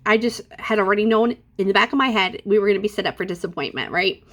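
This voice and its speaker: Talking quickly in a mid-range voice, this middle-aged woman chats casually with viewers in an unscripted vlog from home. She's sassy, and she mimics other people's words with over-the-top voices.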